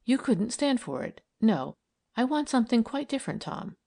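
A woman voicing a calm, kindly young woman detective who speaks gently and earnestly. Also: fairly high pitch, moderate pace, vocal fry, pitched above the performer's own voice, full character voice.

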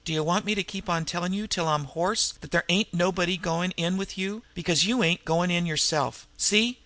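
A man's voice: fairly high pitch, normal speed, no echo. A man voicing an irritable male crook boss who snaps and half-screams in a storybook reading. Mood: furious. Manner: sharp, snapping, belligerent.

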